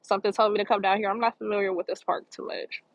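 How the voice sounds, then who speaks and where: A woman's voice: mid-range voice, steady tone, fast, dry recording, dull audio. A woman talking outdoors by the water in a park, giving earnest spiritual encouragement and repeating phrases for emphasis. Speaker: motivational vlogger. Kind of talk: spiritual motivational talk.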